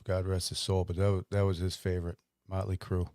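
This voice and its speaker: A man chats casually and comes in with short remarks. He talks fast in a low, mellow voice, and the recording sounds dry and close. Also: completely flat delivery, no room sound. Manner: laid-back, low-key, chimes in with short remarks. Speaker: podcast co-host. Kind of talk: casual chat.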